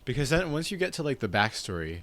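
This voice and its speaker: A man's voice: medium pitch, big pitch swings, fast talker, fairly bright tone, slight background noise. A young man chatting casually on a podcast, reading his own story draft aloud, rambling with many restarts. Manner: rambling, restarts, lots of 'like'. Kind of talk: casual chat.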